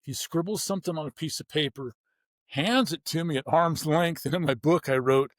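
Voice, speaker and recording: A man's voice: a little high, moderate pace, dry recording. Blunt storytelling man, dry close mic. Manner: vivid, blunt storytelling with acted-out dialogue. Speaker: guest, former pro football player. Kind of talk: storytelling interview.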